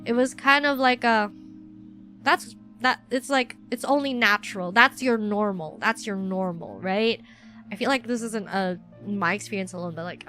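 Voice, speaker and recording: A woman's voice: mid-range voice, moderate pace, a bit bright. A young adult woman chatting on a casual stream, rambling and self-deprecating with lots of fillers. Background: faint music.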